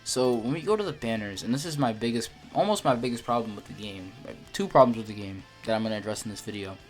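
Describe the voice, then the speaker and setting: A man's voice: lowish voice, fast, soft background music. Rambling young man giving game opinions. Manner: rambling, repeats words, many ums and restarts. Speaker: gacha game video creator. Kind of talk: unedited casual game commentary.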